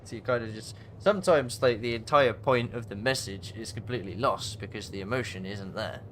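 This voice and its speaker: A man's voice: on the low side, fairly quick, a little hiss or hum. A man chatting casually and rambling as he streams a space trading game from home. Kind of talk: casual chat while gaming.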